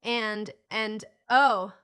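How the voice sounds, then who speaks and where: A woman reading an audiobook voices an excitable, bossy young boy who exclaims eagerly. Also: mid-range voice, drawn-out words, clean tone. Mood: excited.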